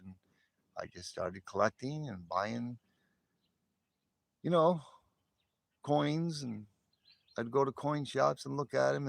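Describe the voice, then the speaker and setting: A middle-aged man from the northern United States chats casually on a livestream, rambling and often stammering over repeated words. His voice sits at an ordinary pitch. It is recorded close and dry, with no room sound. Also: vocal fry, no room sound. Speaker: livestream host.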